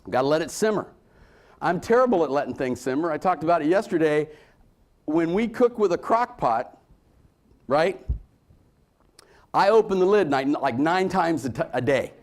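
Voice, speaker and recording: A man speaking to a conference room in a lively, fairly high voice. His pitch leaps around as he drives points home, then drops into quiet asides. He talks like a motivational speaker working the crowd. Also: normal speed, pauses often. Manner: animated, swings between loud emphasis and low asides.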